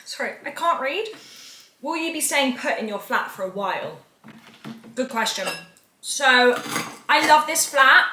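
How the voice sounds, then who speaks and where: A woman's voice: high-pitched, sharp tone, slight background noise. A young woman in her twenties, chatting casually and upbeat to camera in her home kitchen. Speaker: vlogger. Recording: echoey room. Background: dishes and cutlery clatter.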